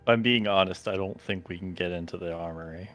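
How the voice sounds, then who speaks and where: A man's voice: deep voice, fast talker, fairly bright tone. A man playing in a tabletop game, talking in a dry, sarcastic way. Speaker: player. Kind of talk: casual tabletop game chat.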